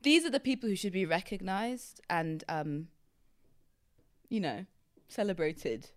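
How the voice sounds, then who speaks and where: A young woman co-hosting a podcast, talking in a measured way and keeping the conversation moving. Her voice sits a little low. The sound is dry and close. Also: animated, no room sound. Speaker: podcast co-host. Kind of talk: casual chat.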